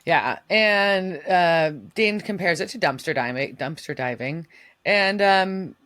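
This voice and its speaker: A woman's voice: fairly low pitch, slow, a bit bright, dry recording. A woman co-hosting a podcast, recapping an episode in casual chat, swearing and acting out the characters' lines. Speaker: podcast co-host. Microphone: remote recording setup.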